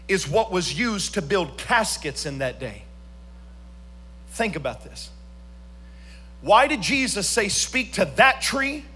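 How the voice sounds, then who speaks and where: Male pastor, sermon delivery, high-pitched and bright, builds to sung climaxes. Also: husky. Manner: preaching with rising sung emphasis. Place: church.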